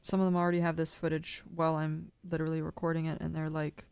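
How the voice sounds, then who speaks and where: A woman's voice: low voice, monotone, quick pace, creaky, a little mellow, clear, resonant tone, no room sound. A woman in a ranting monologue at home, agitated and accusatory, swearing constantly, into a studio dynamic mic. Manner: agitated, heavy cursing, accusatory. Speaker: streamer.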